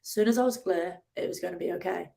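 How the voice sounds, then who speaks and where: A young woman in her twenties, a guest talking through a personal story in a relaxed interview. Her telling is chatty and vivid, and she slips into higher, animated bursts when she acts out her own outbursts. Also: fast talker, vocal fry. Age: 20s. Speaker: guest, ocean rower.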